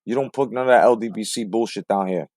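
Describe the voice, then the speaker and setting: A man's voice: fairly low pitch, fast, darkish tone, no echo, clean studio sound. A man hosting a late-night boxing talk show, ranting heatedly and profanely and firing off rhetorical questions. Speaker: host.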